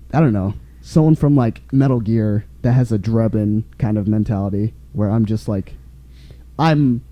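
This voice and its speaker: Lively, laughing podcast host man. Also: medium pitch, no echo. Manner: laughs often, animated. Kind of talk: casual chat. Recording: dull lo-fi dry sound.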